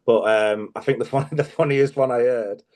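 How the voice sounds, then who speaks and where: Middle aged comedian guy, normal pitch, laughs and swears lots, chatty. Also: normal speed, dark tone. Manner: chatty storyteller, swears freely, laughs often. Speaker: guest comedian. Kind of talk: casual interview chat.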